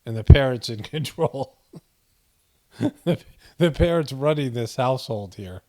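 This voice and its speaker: A man's voice: mid-range voice, animated, unhurried, mellow. A man hosting a casual video commentary, rambling with frequent chuckles and fillers. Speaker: commentary channel host.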